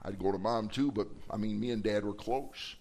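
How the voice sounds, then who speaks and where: A man's voice: normal speed, a little mellow. A middle-aged man, a pastor, preaching a sermon in a folksy, conversational way, his voice jumping up when he acts out prayers and questions to God. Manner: folksy and conversational, acting out quoted prayers with rising pitch.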